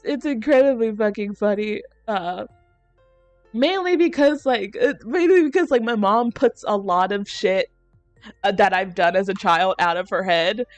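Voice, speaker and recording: A woman's voice: mid-range voice, moderate pace, no echo, soft background music. Rambling, giggly young woman streamer. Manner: rambling storyteller, laughs often, casual swearing. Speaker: VTuber streamer. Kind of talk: casual chat stream.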